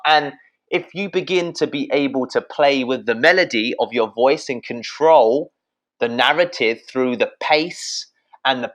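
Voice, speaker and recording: A British man with a mid-range voice guests on a podcast, handing out blunt, energetic sales advice. He swears freely and calls his listeners "guys."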